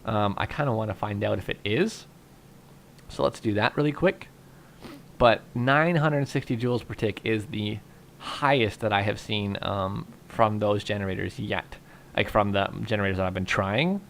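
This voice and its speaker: A young man's voice, on the low side with vocal fry, moves at a moderate pace amid a little hiss or hum. As a gaming YouTuber doing casual Minecraft commentary, he rambles relaxedly, thinking aloud with many fillers, tired and yawning.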